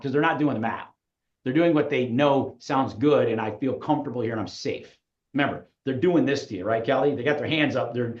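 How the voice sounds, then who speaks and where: A man's voice: mid-range voice, a little fast, roomy sound, muffled recording. A man coaching real estate recruiters in a live webinar, with an emphatic, punchy delivery.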